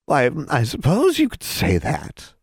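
A wheedling, falsely sweet old hag from a storybook, put on by a male reader. The voice sits well above the man's own deep register and drips with cunning. It sounds a little distant from the mic in a dry, dead room. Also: huge pitch swings, a little slow, husky, no room sound, full character voice.

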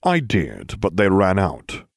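A man's voice: deep voice, huge pitch swings, slow, creaky, dry recording, clean studio sound, exaggerated voice. A man voicing a cold, sardonic middle-aged schoolmaster who drawls, in an audiobook reading. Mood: sneering.

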